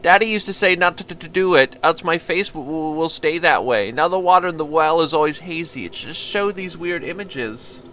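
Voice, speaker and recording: A man's voice: on the high side, animated, a bit bright, a little hiss or hum. Man playing a stammering timid violinist. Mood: nervous. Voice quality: stuttering, halting, pleading. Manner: meek and apologetic, keeps saying sir. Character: timid stuttering young male violinist, lovesick and pleading.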